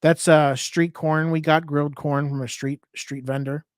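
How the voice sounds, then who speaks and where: A man's voice: on the high side, little pitch movement, normal speed, no room sound, studio quality. A man co-hosting a podcast, chatting casually and telling easygoing travel stories. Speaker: podcast co-host.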